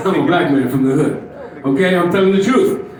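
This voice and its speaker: A man's voice: on the high side, brisk, darkish tone, very echoey, far from the mic, poor audio. A man in his fifties doing a brash, profane stand-up comedy set on a club stage, teasing the crowd. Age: 50s.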